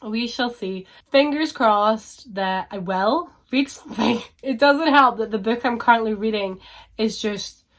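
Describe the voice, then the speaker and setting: A woman's voice: on the high side, unhurried. A woman book vlogger talking casually to camera at home, chatty and frank, rambling through her reading plans.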